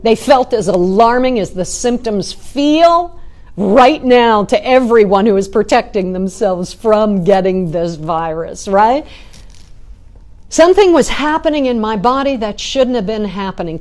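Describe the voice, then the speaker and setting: A middle-aged woman, a spiritual teacher, giving a talk with animated storytelling and frequent "right?" asides. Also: a little high. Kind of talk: talk or sermon.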